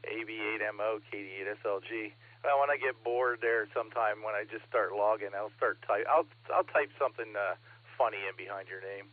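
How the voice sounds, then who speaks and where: A man's voice: fairly low pitch, a little fast, slight background noise. A man running a ham radio net as net control, chatting casually and reading out call signs. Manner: chatty, laughs often, reads call signs. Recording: radio transmission, narrow band.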